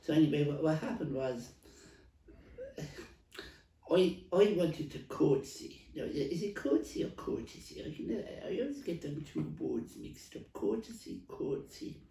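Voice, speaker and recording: Male actor as a gabby old Dublin stall lady, smoker's rasp, dark tone, distant roomy mic. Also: fairly high pitch, very animated, moderate pace. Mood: gossipy. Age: older. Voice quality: gravelly, coughing heavy smoker. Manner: rambling, stumbling storyteller with many restarts. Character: elderly Dublin woman market stall trader, chatty, rambling. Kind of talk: comic character monologue.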